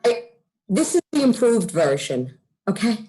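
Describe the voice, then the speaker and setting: A middle-aged woman with a thick Long Island New York accent, brash and quick with her words. She talks freely in a casual chat and swears without a second thought. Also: medium pitch, sing-song, mellow, slightly rough, faint music behind, poor audio. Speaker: guest.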